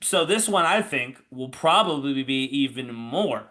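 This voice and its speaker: Bright-voiced man in casual podcast chat. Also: medium pitch, a little slow. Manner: animated, laughs often, opinionated. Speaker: podcast co-host.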